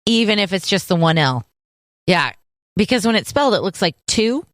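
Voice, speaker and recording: A woman co-hosting a podcast in casual chat, playful and full of deadpan sarcastic jokes. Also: mid-range voice, normal speed, no room sound, clean studio sound. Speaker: podcast co-host.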